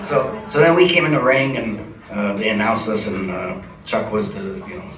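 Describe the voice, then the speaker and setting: On stage at a supper club, an older TV personality from Cleveland, USA, rambles through anecdotes with lots of chuckling, his voice low-side at normal speed. A distant mic captures the echoey room, its ambience and the crowd behind him.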